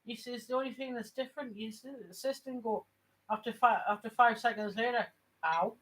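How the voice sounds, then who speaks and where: A woman's voice: fairly high pitch, steady tone, a little fast, rough recording. A woman rambling through a story. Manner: rambling storyteller, restarts, laughs at her own stories. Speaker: vlogger. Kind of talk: casual chat.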